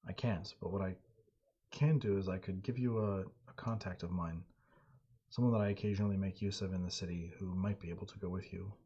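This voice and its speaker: A man voicing a gruff older male hunter and trapper, wary and fatherly, who calls the younger man boy. He speaks with a low, husky, mellow voice in dull lo-fi audio. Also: fairly even intonation, a little fast. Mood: wary counsel.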